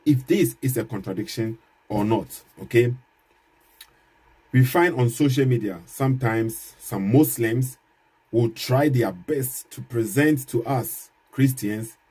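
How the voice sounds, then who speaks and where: Man, husky mellow voice, measured apologist vlog delivery, repeats himself for emphasis. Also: mid-range voice. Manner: measured, repeats points, rhetorical questions, dry chuckles. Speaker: Christian apologist vlogger. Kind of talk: casual argumentative commentary to camera.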